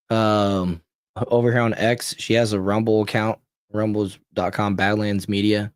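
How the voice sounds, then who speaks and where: A man's voice: fairly low pitch, fairly even intonation, normal speed, clean tone, dry recording, clean studio sound. An American man hosting a political livestream podcast, talking bluntly and rambling, reading posts aloud with offhand asides. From United States. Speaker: podcast host. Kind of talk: casual political commentary livestream.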